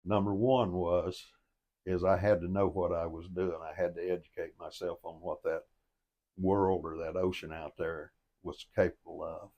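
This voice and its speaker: A deep-voiced older man tells a story from his own life in a plain, folksy way. He sounds earnest and down to earth, and he builds each point toward a motivational lesson. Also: flat delivery, normal speed, muffled recording.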